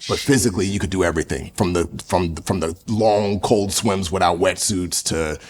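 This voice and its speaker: Low-pitched and moderately paced, this man appears as a podcast guest who went through Navy SEAL training. He shares casual, sincere stories about it, peppered with plenty of fillers.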